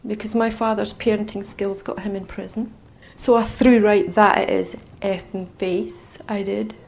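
A middle-aged Scottish woman telling her personal story in a halting, intense way that swings between hushed and raised. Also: fairly high pitch, steady tone, creaky. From Scotland. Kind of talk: personal testimony.

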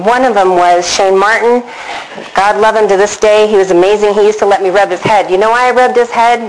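A middle-aged woman telling a personal story to a live audience, animated and asking the audience questions. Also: on the low side, slight background noise, poor audio. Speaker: speaker addressing an audience.

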